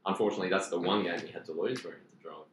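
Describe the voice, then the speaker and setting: A low-voiced Australian man who talks fast and cheerfully on a club podcast. He sits away from the mic in an echoey room with faint noise behind him. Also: steady tone, far from the mic, a crowd in the background. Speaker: podcast co-host. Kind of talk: casual banter.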